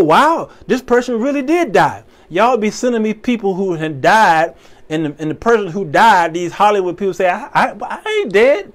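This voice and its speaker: A man hosting his own show, giving informal, folksy, preacher-style commentary and laughing between points. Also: sits high. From American Midwest. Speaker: show host.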